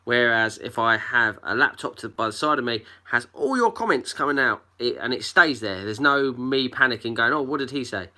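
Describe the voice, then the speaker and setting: Chatty bright-voiced man. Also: mid-range voice, expressive, normal speed, few pauses. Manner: chatty, greets commenters by name, jokey. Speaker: geocaching livestream host. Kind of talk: casual live-stream chat. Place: at home. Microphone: phone.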